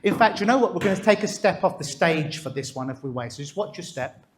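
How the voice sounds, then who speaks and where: A man's voice: high-pitched, lively intonation, quick pace, background noise. A man working as a stage hypnotist, coaxing and instructing a volunteer during a live demonstration on stage. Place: on a stage before an audience.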